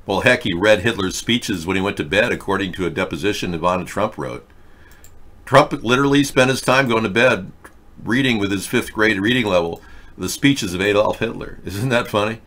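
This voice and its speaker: A man's voice: lowish voice, fairly quick, a bit bright. Man, political talk host, sarcastic, mocking, reads headlines, webcam chat. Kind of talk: casual political commentary reading headlines. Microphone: webcam setup.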